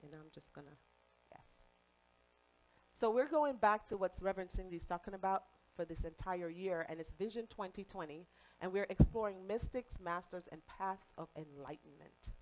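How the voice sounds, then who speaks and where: A woman's voice: on the low side, moderate pace, low-quality recording. Woman with a faint Jamaican lilt. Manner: warm, conversational, playful asides. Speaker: guest speaker at a spiritual center. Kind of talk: spiritual talk to a congregation.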